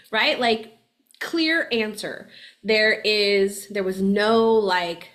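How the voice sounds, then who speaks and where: A chatty woman coaching her listeners in a relaxed podcast talk. She is animated, laughs easily, and keeps checking in with "right?" at a middle pitch. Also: takes it slowly. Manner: laughs often while talking. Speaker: podcast host and spiritual coach.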